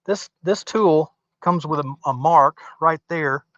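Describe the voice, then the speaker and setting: Working at the lathe in his home workshop, a man hosts a woodturning livestream, chatting casually and thinking aloud as he turns. His voice is fairly high and fairly bright, and he takes his time. The sound is dull, dry and lo-fi with no echo.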